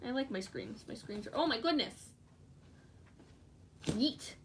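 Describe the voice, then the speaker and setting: Giggly, excitable woman with lively pitch. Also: fairly quick. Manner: giggly, excitable, bursts of squeals. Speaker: fursuit maker streaming live. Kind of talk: casual chat while crafting. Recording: distant mic with faint background noise.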